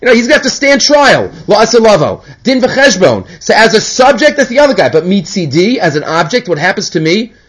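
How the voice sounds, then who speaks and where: A man's voice: sits high, very animated, fairly quick, few pauses, fairly bright tone, slightly rough, poor audio. A man giving a casual Torah class, mixing Hebrew quotes into conversational English. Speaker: Torah teacher.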